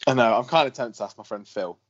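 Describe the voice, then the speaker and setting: A man co-hosting a casual podcast, chatty and quick to laugh, often restarting his sentences. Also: medium pitch, dull audio. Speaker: podcast co-host.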